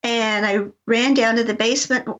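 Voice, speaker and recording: A middle-aged woman from Colorado, a talk-show guest telling a personal story in an animated way, acting out voices as she goes. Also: fairly high pitch, moderate pace. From Colorado, USA. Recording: dull lo-fi broadcast audio.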